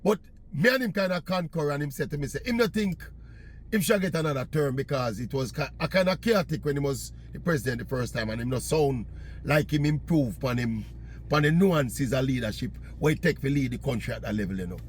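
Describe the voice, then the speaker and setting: A man's voice: mid-range voice, lively intonation, brisk, a little hiss or hum. A man from Jamaica with a Jamaican accent, chatting in patois as he tells a casual story. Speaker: vlogger.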